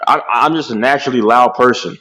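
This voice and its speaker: An animated young man talks sports in a loose, heated chat, constantly dropping "bro". His voice sits at an ordinary pitch and he sounds naturally loud. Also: fast, poor audio. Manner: animated, repeats "bro" often.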